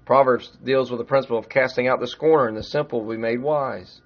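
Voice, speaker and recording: A man's voice: mid-range voice, steady tone, fast, muffled recording. A middle-aged man preaching a sermon in a conversational way, growing emphatic as he retells a story. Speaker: pastor.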